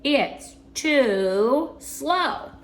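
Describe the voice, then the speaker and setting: A plucky young girl from a read-aloud children's story, put on by a woman speaks plainly and insistently. The voice sits fairly high. It is heard in a roomy space with an echo. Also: sing-song, takes it slowly. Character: young girl racing a fast wheelchair.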